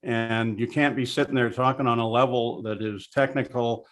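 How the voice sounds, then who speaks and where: An older man, a veteran race broadcaster, telling lively anecdotes in a casual interview over a video call. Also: medium pitch, moderate pace. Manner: storytelling, animated anecdotes.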